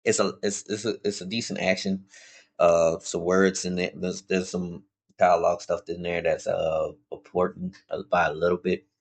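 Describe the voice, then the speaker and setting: A man with a slightly low voice talks through a comic plot in a loose, animated way. He restarts often and talks straight to his viewers in a casual tone. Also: moderate pace, slightly rough. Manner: rambling, animated retelling with many restarts; informal, addresses viewers as y'all. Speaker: comic book reviewer.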